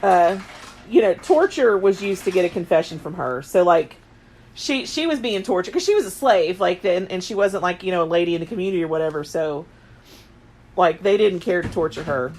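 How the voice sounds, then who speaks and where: A woman's voice: on the low side, animated, a little fast, darkish tone, slight background noise. A woman in her late thirties, co-hosting a podcast and retelling history in casual chat, rambling and full of filler words. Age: late 30s. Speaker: podcast co-host.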